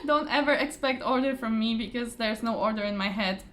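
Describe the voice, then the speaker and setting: A woman's voice: fairly high pitch, a little fast. A woman chatting casually to camera about her craft projects, rambling with fillers and restarts and laughing often, her voice a little tired. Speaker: craft vlogger. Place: home, at a table. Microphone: phone or camera on the table.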